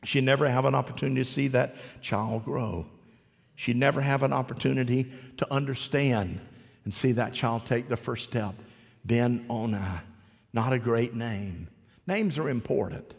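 A man's voice: mid-range voice, normal speed, vocal fry. A man preaching a sermon to a congregation, telling a story in a folksy, joking way and asking the crowd questions. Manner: folksy, storytelling, jokey asides. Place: large hall with an audience. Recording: long hall reverb.

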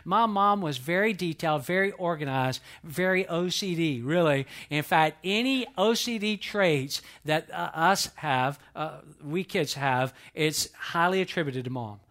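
A man preaching a sermon, earnest and emphatic, drawing the congregation into call-and-response and growing quiet as he grieves. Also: on the high side, a little slow, few pauses. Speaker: pastor.

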